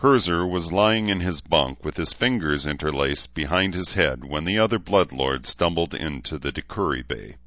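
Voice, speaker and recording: Male audiobook narrator, very low pitch, dry close mic, slightly muffled lo-fi recording. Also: animated, moderate pace, few pauses, sharp tone, dry recording. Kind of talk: scripted narration.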